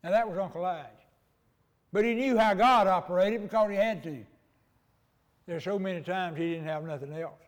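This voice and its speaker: A man's voice: sits high, moderate pace, pauses often, long reverb tail. An older man preaching a sermon as pastor, telling homespun stories in a folksy way.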